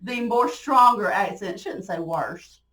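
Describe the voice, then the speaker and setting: A woman's voice: mid-range voice, lively intonation, takes it slowly, a bit bright, distant mic. A woman with a strong Alabama Southern drawl, a guest chatting playfully while learning a craft. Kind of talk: casual chat.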